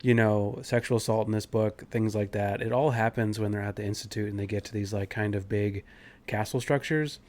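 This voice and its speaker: A man's voice: fairly low pitch, steady tone, a little fast, a little mellow. A man co-hosting a book podcast in casual chat, full of loose fillers. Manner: casual, many fillers like "like" and "you know". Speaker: podcast co-host.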